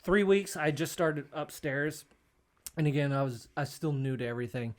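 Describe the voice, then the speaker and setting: A man telling an animated story in casual chat, acting out the voices and laughing at himself. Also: a little high, moderate pace.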